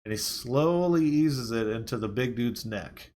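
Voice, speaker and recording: A man's voice: mid-range voice, animated, unhurried, darkish tone. A man reviewing a movie, casually retelling the plot scene by scene in a rambling way. He quotes the characters conversationally and leans on "like" and "you know.".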